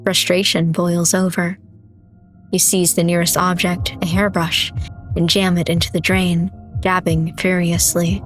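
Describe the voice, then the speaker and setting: A woman streamer reading a horror visual novel aloud in steady, measured, dramatic narration. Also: on the low side, faint music behind. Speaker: game streamer.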